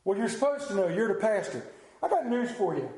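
A man preaching a sermon as pastor, conversational and joking, often dropping to a hushed voice. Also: sits high, sing-song, brisk. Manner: humorous, conversational preaching with sudden hushed drops. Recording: roomy church echo.

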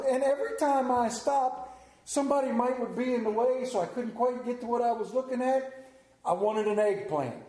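A man preaching a folksy storytelling sermon, animated, then dropping low and slow for emphasis. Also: reverberant.

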